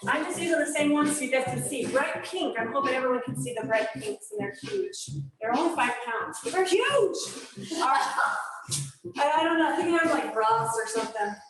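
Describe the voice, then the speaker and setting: High-voiced fitness instructor in echoey studio. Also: female voice, lively intonation, a little fast. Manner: encouraging, talkative, gives step-by-step cues. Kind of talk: live class instruction with counting cues. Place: echoey studio with music playing. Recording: very echoey room, music behind. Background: workout music.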